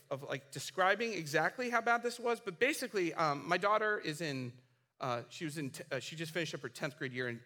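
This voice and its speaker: Bright-voiced, animated male preacher. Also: fairly high pitch. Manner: animated storytelling, acting out characters' lines; casual, with fillers and restarts. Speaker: pastor. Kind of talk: sermon.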